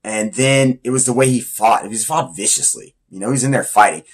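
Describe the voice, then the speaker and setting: A man's voice: mid-range voice, a little fast, husky. A man who fights Muay Thai, talking casually and enthusiastically as he counts down his influences. He rambles a little and uses slang.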